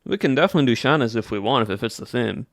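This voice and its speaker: A man's voice: medium pitch, animated, very fast, no echo, studio quality, lightly acted. A young man doing a put-on Southern US accent as a folksy cowboy, chatting to his stream with a drawl. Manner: folksy drawl, says y'all. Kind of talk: casual livestream chat.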